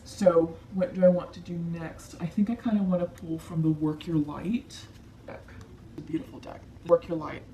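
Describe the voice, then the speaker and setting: A low-voiced woman with a gravelly edge reads tarot cards for her viewers. She speaks softly and reassuringly, often moved by what she sees. A faint hiss sits under her voice. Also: fairly even intonation, moderate pace. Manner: soft-spoken, emotional, reassuring. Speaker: tarot reader. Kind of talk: tarot card reading to camera.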